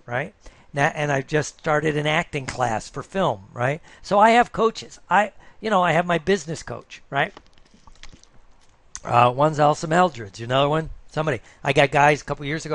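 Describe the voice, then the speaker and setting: Middle-aged man, coach, rambling casual monologue, voice a bit higher than most, dry close sound. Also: a bit bright, no echo. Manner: rambling, peppers talk with "right?".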